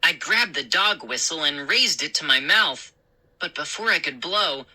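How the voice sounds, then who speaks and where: A woman reading a children's story aloud in an expressive, unhurried way. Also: lowish voice, husky, low-quality recording.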